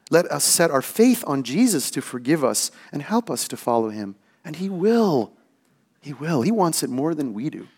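A man's voice: fairly high pitch, a little mellow. A middle-aged male pastor preaching a sermon built around a personal story, self-mocking and often laughing.

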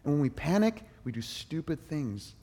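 A middle-aged man preaching a sermon, telling a personal story with animated, emphatic bursts. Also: fairly high pitch, moderate pace. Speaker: pastor.

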